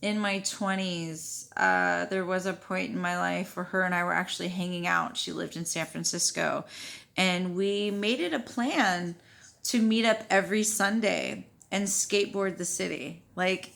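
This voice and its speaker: A woman in her thirties with a low, gravelly voice tells a personal story straight to camera. She swears freely and acts out the lines people said along the way. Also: measured pace. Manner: profane, animated retelling with quoted dialogue. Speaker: vlogger.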